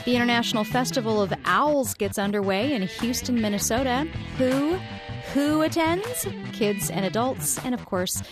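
A woman's voice: on the high side, fairly quick, few pauses, over music. A woman reading a scripted news preview with a playful, bouncy delivery. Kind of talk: scripted headline read.

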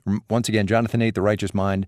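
A man's voice: fairly low pitch, flat delivery, fast, darkish tone, dry recording, clean studio sound. A man hosting a casual podcast, reading listener mail with a wry, self-deprecating manner. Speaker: podcast host.

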